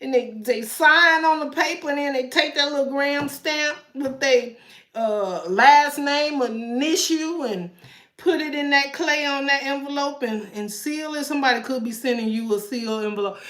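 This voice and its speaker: A woman's voice: high voice, moderate pace, a bit bright, roomy sound. A woman giving a live tarot reading, chatting to her viewers in a loose, joking way and often breaking into laughter. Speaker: tarot reader.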